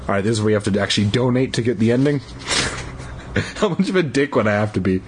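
A man's voice: lowish voice, a little hiss or hum. A man hosting a podcast who reads a book aloud and breaks off into profane, self-mocking rants. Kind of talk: comic reading with rants.

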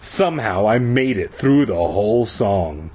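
Man, slow husky storyteller, sarcastic and profane asides. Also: fairly low pitch, animated, a little mellow. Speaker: reader. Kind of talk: comedic book reading with crude asides.

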